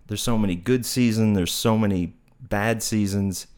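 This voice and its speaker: A man's voice: lowish voice, moderate pace, a little mellow. A man giving a casual, reflective talk, telling a parable in a meandering, thoughtful way and searching for his words. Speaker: speaker on non-duality.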